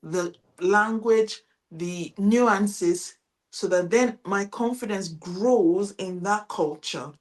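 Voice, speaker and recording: Middle-aged woman, medium pitch, teacher, interview guest, calm and reflective. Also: slow. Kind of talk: casual interview chat.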